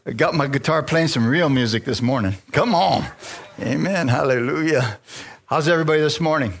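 A man's voice: a little high, normal speed. A man preaching a sermon, calling out to the congregation with frequent amens and hallelujahs and easy laughter. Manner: call-and-response, lively preaching with laughs. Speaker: pastor. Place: church sanctuary.

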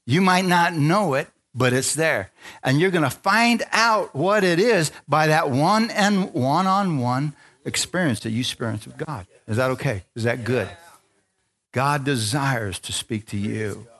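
Man preaching with call-and-response energy. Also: measured pace. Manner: call-and-response preaching, asks the crowd for amens; swings from low, confiding asides to loud, rising exhortation. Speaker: pastor. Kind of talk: sermon.

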